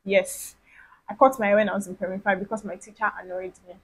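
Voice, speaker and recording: A woman with a Nigerian accent, a vlogger telling a lively story from her childhood and acting out the dialogue with big swings in pitch. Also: fast, husky, low-quality recording. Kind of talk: storytime vlog.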